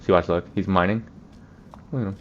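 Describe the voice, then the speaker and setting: A man's voice: low voice, fairly even intonation, fairly quick, lo-fi sound, slight background noise. A man hosting a let's play, joking and swearing in casual gameplay commentary. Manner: profane, joking, laughs often.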